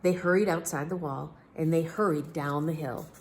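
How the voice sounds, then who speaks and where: A woman reading a children's picture book aloud with expressive storytelling. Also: low-pitched, normal speed.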